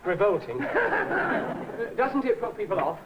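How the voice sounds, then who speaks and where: A flustered young clerk. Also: male voice, extremely high pitch, huge pitch swings, takes it slowly, crowd noise, full character voice. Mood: hesitant. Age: young adult. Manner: hesitant, polite, easily flustered. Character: polite, awkward young English office clerk. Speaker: comic sidekick. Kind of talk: 1960s studio sitcom acting. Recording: hissy old TV soundtrack with studio audience laughter.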